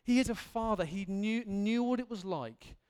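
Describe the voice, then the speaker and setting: A man's voice: sits high, moderate pace, a little mellow, clear, resonant tone. A man preaching an earnest, candid sermon in a church hall, building to emphatic intensity.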